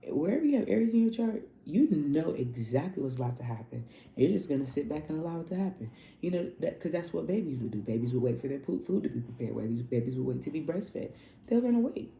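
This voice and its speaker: A woman's voice: low-pitched, sing-song, quick pace, vocal fry, dark tone, a little hiss or hum. A woman spiritual coach giving a casual astrology reading, loose and profane, repeating herself like a preacher. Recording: roomy echo.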